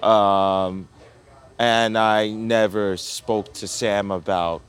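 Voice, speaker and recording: A man's voice: fairly low pitch, fairly even intonation, very slow, smooth. A young man, a pizzeria owner telling a story in casual chat, profane and often laughing.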